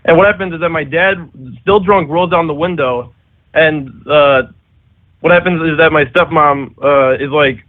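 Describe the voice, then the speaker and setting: A man's voice: on the high side, normal speed. Hesitant male caller over a tinny line. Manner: hesitant, lots of uhs. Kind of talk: telling a story on a call-in show.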